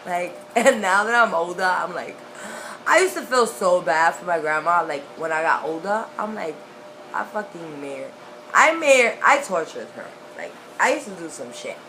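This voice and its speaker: A young woman telling a personal story in a casual, profane, animated way. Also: lowish voice, normal speed, slight background noise, low-quality recording. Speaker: vlogger.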